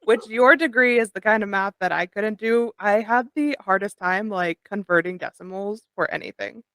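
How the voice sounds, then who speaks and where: A woman's voice: medium pitch, normal speed, a bit bright, no room sound. Young woman hosting, dry close sound. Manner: leads topics, laughs along. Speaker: podcast co-host. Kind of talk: casual chat.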